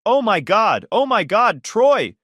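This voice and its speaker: A woman's voice: deep voice, big pitch swings, brisk, no room sound, voice pushed up. A man voicing a young wife who pleads and panics, in a dry, close recording. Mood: screaming. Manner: pleading, sobbing. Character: wife, young adult woman, pleading and hysterical.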